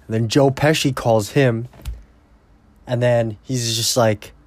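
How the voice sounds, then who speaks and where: A man rambles through a movie recap in a casual, foul-mouthed way. He talks at a slow, drawn-out pace with a mid-range voice. The sound is dry and close, with no room echo. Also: medium pitch, steady tone. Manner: profane, blunt and rambling. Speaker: movie reviewer.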